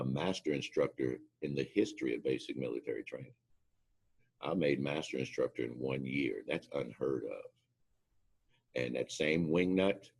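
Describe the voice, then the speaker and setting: Very deep, gravelly-voiced man telling stories. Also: darkish tone. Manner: emphatic storyteller, acts out quotes. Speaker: speaker, former drill instructor. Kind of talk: anecdotal motivational talk.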